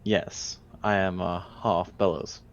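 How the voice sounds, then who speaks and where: A man playing a courtly male adventurer who talks in formal, flattering phrases in a tabletop game. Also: low voice, takes it slowly, highs cut off, voice pushed down.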